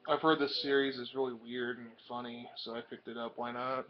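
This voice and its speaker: A young man, a comic book collector, rambles through his new purchases in a casual show-and-tell vlog, full of ums and uhs. His mid-range voice stays level and fairly quick, with slight background noise on a dull lo-fi home recording.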